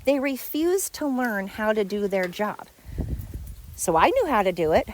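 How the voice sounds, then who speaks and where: A woman's voice: sing-song, measured pace, a little hiss or hum. A middle-aged woman hosting her own podcast, venting sarcastically about former coworkers. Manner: venting, sarcastic, mimics others in high voices. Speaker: podcast host. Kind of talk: solo podcast rant.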